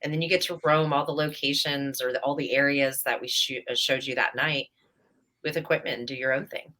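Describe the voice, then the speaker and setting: A woman's voice: rumbling low, fairly even intonation, fairly quick, sharp tone. A woman guest talking casually on a radio show about training staff for ghost hunts, easygoing and chatty. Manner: chatty, easygoing, with many fillers and laughs.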